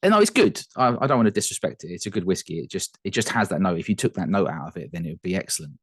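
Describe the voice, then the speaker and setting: Chatty man, low dry voice. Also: big pitch swings, racing, husky, no echo. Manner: chatty, laughs often, frequent restarts. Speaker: podcast co-host. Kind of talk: casual whisky chat.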